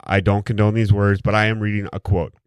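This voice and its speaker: A man's voice: on the low side, little pitch movement, a little fast, clean tone, no room sound. A man from Wisconsin hosting a podcast in casual, crude, joking chat. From Wisconsin, USA. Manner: crude, joking, reads quotes aloud. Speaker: podcast host.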